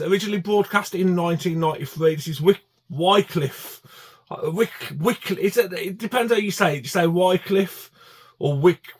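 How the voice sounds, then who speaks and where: A man chatting casually to camera about his DVD collection, enthusiastic and full of fillers and restarts. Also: fairly high pitch.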